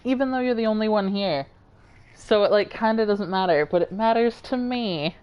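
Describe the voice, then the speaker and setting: A woman's voice: mid-range voice, normal speed, smooth, dull audio. A tired woman streamer chatting casually and rambling to her viewers while she plays a game. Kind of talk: casual live-stream chat.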